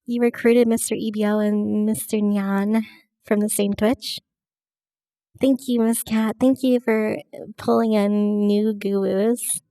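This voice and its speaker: A woman's voice: medium pitch, flat delivery, slow pace, warm tone, clean tone, no room sound, studio quality. A woman game streamer chatting casually with her viewers, giggly and friendly, reading out chat messages. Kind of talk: casual let's-play chat.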